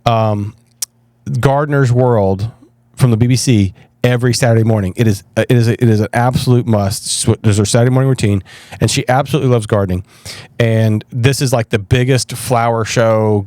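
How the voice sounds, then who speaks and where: A man, a pastor guest telling stories in an animated, self-deprecating way in a casual interview. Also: fairly low pitch, brisk, no echo. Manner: animated, self-deprecating storyteller with frequent restarts.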